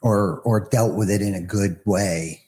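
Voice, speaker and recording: Deep-voiced man telling a story. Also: measured pace, warm tone, slightly rough. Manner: rambling, restarts sentences, storytelling. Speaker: business owner. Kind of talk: casual podcast conversation.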